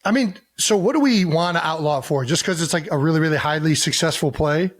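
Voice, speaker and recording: A man's voice: fairly high pitch, fairly quick. A man co-hosting a podcast in casual chat, rambling, with many fillers and restarts. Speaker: podcast co-host.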